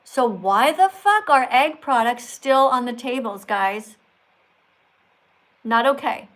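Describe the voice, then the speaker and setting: A woman's voice: a little high, expressive, slow pace, a bit bright. A woman livestreaming, answering viewer messages in a preachy, scolding way and repeating key phrases for emphasis. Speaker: vegan activist livestreamer. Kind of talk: livestream chat answering super chats.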